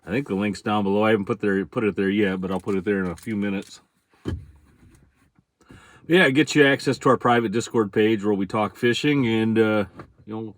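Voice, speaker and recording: A man's voice: lowish voice, no room sound. A middle-aged man from central Michigan with a Michigan accent, chatting casually on a livestream about his fishing charters. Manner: relaxed, chatty, greets viewers by name, chuckles often.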